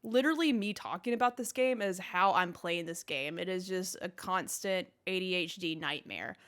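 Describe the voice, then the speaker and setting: A woman's voice: on the low side, moderate pace, fairly bright tone, clear, resonant tone. A woman co-hosting a gaming podcast in casual chat, rambling and jokey as she drifts into tangents. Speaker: podcast co-host.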